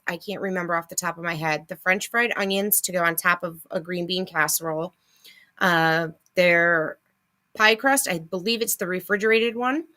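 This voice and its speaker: A middle-aged woman with a bright, forward voice talks casually on a livestream. She rambles through a list of deals in a chatty way and stops to answer viewers. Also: medium pitch. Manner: chatty, reads off items and answers comments. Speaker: host of a couponing livestream.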